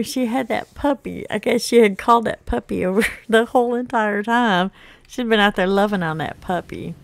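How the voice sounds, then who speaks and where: A woman's voice: a little high, moderate pace, creaky, no room sound. A woman hosting a gaming video, casually telling a personal story while she plays, laughing often and acting out the quotes with big jumps in her voice. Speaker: gaming channel host.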